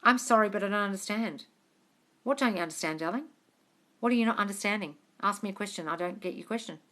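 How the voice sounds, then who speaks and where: A young woman talks into her phone at arm's length during a casual live question-and-answer stream. Her tone is bright and crisp, and her manner is frank and chatty. She swears freely and calls her viewers darling as she reads their comments aloud. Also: medium pitch, quick pace.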